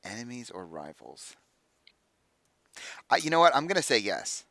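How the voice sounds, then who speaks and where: A man's voice: medium pitch, sing-song, moderate pace, a bit bright, dry recording. A man running a tabletop game as game master, explaining the rules and weighing his calls aloud.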